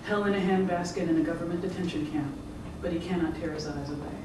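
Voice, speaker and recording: An author giving a measured, rhythmic public reading of their own fiction. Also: mid-range voice. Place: event room. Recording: echoey room, distant mic, background noise.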